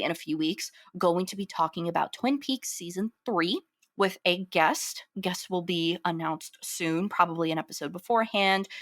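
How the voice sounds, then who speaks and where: A woman's voice: fairly low pitch, a bit bright, dry recording, clean studio sound. A woman co-hosting a film podcast in casual chat, playful and chatty. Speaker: podcast co-host.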